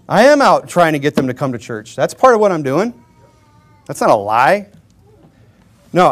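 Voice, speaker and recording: A man with a fairly high voice delivers a sermon in a loose, conversational way. He jokes and chuckles as he goes and drives his points home with emphatic rhetorical questions to the congregation. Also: sing-song, normal speed, pauses often. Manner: informal and joking, often chuckling. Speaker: Baptist preacher.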